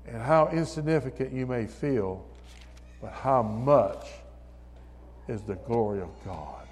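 A man preaching a sermon in church, building to shouted hallelujahs and calling on listeners by name. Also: medium pitch, animated, takes it slowly. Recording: long reverb of a hall.

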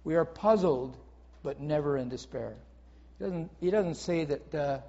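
A man's voice: fairly high pitch, a little slow, warm tone. A man preaching a sermon in an earnest way, reading scripture aloud and explaining it, often repeating his phrases. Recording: dull audio with long hall reverb.

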